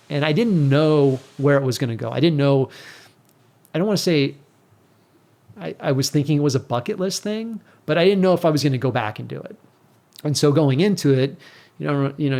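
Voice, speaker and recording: A middle-aged man, a guest on an interview show, telling a story in a casual, animated way and acting out the exchanges he quotes. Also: mid-range voice.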